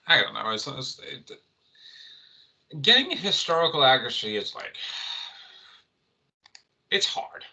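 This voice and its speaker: A man co-hosts a casual entertainment chat show. His voice is very bright and edgy, and he rambles through restarts and fillers as he talks. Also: mid-range voice, big pitch swings, a little slow, vocal fry, pauses often, low-quality recording. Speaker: co-host.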